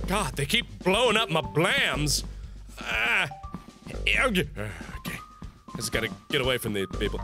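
Excitable high-voiced gamer man. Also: normal speed. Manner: excitable, punny, frequent yelps and laughs. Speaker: gaming YouTuber. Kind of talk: let's play commentary. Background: game music.

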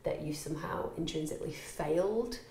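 Lively, joking woman podcast host. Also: low voice, slight background noise. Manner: animated, quick to joke and argue. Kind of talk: casual chat. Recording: roomy echo.

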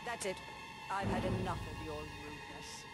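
A woman's voice: lowish voice, fairly even intonation, moderate pace, natural voice. A woman voicing a rude, wealthy lady of the house in a video game, who orders the staff around imperiously. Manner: imperious, scolding. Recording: roomy game audio under loud music.

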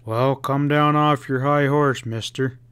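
A man's voice: mid-range voice, steady tone, measured pace, a bit bright, smooth, lightly acted. A man voicing a shrewd, folksy male Western sheriff in an audiobook, talking in drawled frontier slang. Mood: coaxing. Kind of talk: audiobook character reading.

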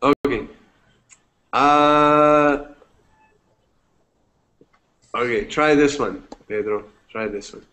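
A man's voice: mid-range voice, very slow, pauses often, pushed and bright. A man teaching English one-on-one, patient and encouraging, switching to Spanish now and then to explain. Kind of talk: one-on-one language lesson.

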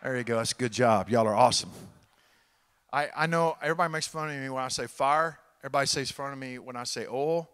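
A middle-aged man with a Texan accent preaching a sermon at a church conference, folksy and animated, joking with the congregation. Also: medium pitch, fast, smooth. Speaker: guest preacher. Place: large church hall. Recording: church hall with long reverb.

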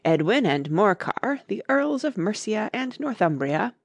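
A woman's voice: medium pitch, big pitch swings, measured pace, creaky, dry recording, pitched above the performer's own voice, full character voice. A woman voicing a self-important mouse who lectures a crowd and takes offense easily. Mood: pompous.

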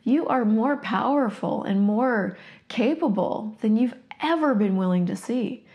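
A woman's voice: a little high, expressive, measured pace, muffled recording. Blunt, emphatic woman coach. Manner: blunt, emphatic, swears freely; reads passages aloud from a workbook. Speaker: coaching facilitator. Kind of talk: motivational monologue.

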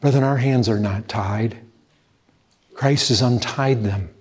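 A man's voice: mid-range voice, takes it slowly, a little hiss or hum. A man preaching an urgent, pleading sermon, often appealing to his listeners as brethren. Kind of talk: fervent sermon.

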